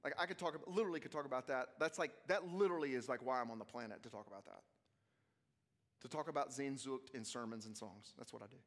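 A man giving an energetic sermon to young people, swinging between hushed asides and loud bursts as he acts out quotes. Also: medium pitch, fast talker. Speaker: youth conference speaker. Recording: long hall reverb.

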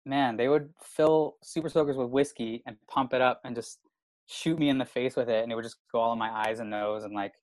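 This stand-up comedian talks briskly in a medium-pitched, steady voice with a darkish tone, and the recording has no echo. In casual chat he rambles through a long story, cursing and constantly saying "like."

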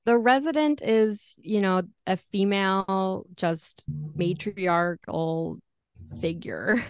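A woman guest on a podcast, chatting casually in an animated way with frequent restarts. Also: medium pitch, slow pace, smooth, no echo, studio quality. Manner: animated, trailing restarts and laughs.

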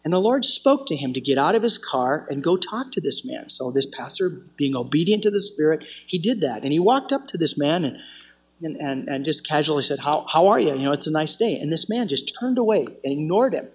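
A man's voice: fairly high pitch, very animated, a little fast, husky. A man teaching a student fellowship, telling stories in an earnest sermon style and often restarting his phrases. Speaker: campus ministry teacher. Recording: dull lo-fi recording.

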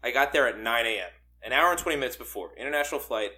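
A young adult man co-hosting a casual podcast, telling an animated, profane story and laughing often. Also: mid-range voice, very fast, a little hiss or hum. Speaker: podcast co-host. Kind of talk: casual chat.

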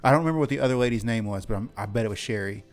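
A man's voice: mid-range voice, rapid-fire. A man co-hosting a podcast, reading odd news headlines and riffing on them with crude, profane jokes. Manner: profane, joking, reads news stories aloud. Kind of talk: crude comedic chat.

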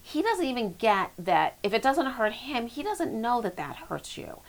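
A woman's voice: fairly high pitch, very animated. A woman who runs a children's center, giving emphatic parenting advice in a conversational way. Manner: emphatic, explanatory, quick bursts. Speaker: child development expert, center director.

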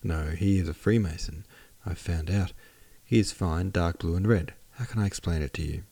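A playful, dreamy teenage girl in an audiobook, full of eager, teasing questions, as read by a man. The voice sits low and gravelly. The sound is close and dry. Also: moderate pace, mellow, no echo. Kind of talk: audiobook character reading.

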